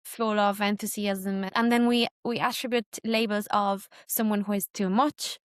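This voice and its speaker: A woman's voice: medium pitch, steady tone, moderate pace, smooth, dry recording, clean studio sound. A woman podcast host with a Spanish accent, asking questions in a curious, conversational way. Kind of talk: podcast interview.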